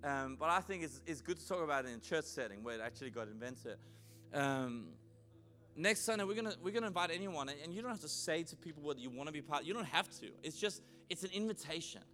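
Bright, high-voiced male preacher. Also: fast, slight background noise. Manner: lively, acts out quoted voices with humor. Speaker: pastor. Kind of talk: sermon. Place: church.

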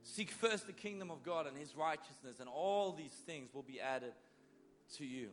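A male preacher giving a sermon, swinging between loud bursts and soft, low lines as he acts out biblical figures. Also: animated, normal speed, soft background music.

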